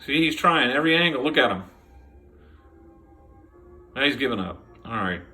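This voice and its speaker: Male home vlogger, chatty and amused, animated pitch, crisp bright tone, soft radio music underneath. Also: normal speed. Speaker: backyard nature vlogger. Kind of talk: casual live commentary. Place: home by a back yard window.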